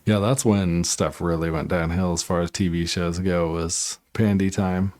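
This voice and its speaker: A man's voice: deep voice, steady tone, moderate pace, darkish tone. A man hosting a podcast, chatting casually in a laid-back, slangy way. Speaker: podcast host.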